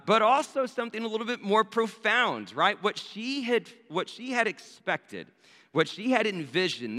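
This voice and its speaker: A man's voice: on the high side, bright, forceful tone. A man, a pastor, telling a story in a sermon, talking casually and turning to his listeners with rhetorical questions. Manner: conversational, addresses listeners directly with rhetorical "right?". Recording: long hall reverb.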